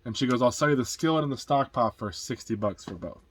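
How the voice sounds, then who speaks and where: A man's voice: mid-range voice, lively intonation, fast, a little hiss or hum. A man who is a dad co-hosting a reselling vlog, telling rambling stories of how he bought things at sales. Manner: rambling storyteller, acts out quotes. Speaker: co-host and reseller. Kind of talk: casual chat telling buying stories.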